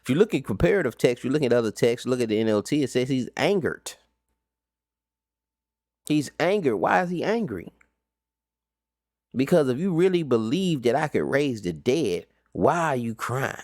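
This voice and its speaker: Animated man recapping a Bible lesson. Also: mid-range voice, fairly quick, no room sound, studio quality. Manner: conversational, rhetorical questions, slangy. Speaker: Bible class teacher. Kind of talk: informal Bible study recap.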